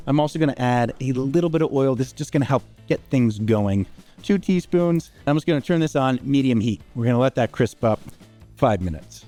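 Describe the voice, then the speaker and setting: A man's voice: mid-range voice, a little mellow. Man, cooking host, casual and chatty, home kitchen, faint music underneath. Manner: chatty, informal, with frequent "all right?" asides.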